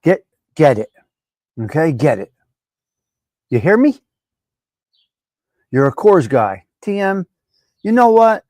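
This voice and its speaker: A man's voice: on the high side, slow pace, pauses often, no echo. A middle-aged man hosting a live stream, chatting casually and preaching to viewers as he reads their comments. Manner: animated, preachy, talks straight to viewers.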